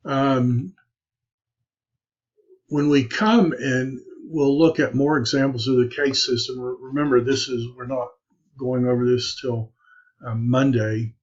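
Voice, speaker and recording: Slow, halting man teaching a lecture. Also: medium pitch, steady tone. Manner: halting, many "uh" and "um" fillers. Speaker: Greek instructor. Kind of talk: recorded lecture over slides. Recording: dull lo-fi voice recording.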